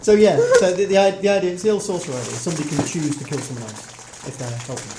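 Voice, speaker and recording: A player at a tabletop game, talking quickly with halting starts and fillers. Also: mid-range voice, animated. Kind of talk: casual chat at a game table. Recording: roomy home recording with background noise.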